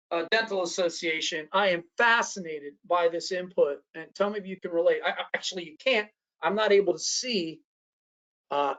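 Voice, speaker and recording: A man's voice: sits high, fairly bright tone, muffled recording. A man presenting an online training workshop, talking conversationally and often checking in with his listeners.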